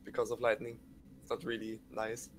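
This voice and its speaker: A man's voice: on the low side, completely flat delivery, a little fast, noisy background. A man with a German accent chatting casually during a game test, hesitant and self-deprecating with frequent ums. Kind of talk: casual chat.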